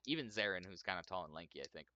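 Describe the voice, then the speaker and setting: A man's voice: low-pitched, expressive, very fast, bright, forceful tone, no echo, muffled recording. A young man narrating as game master in a rambling way, with many fillers and restarts.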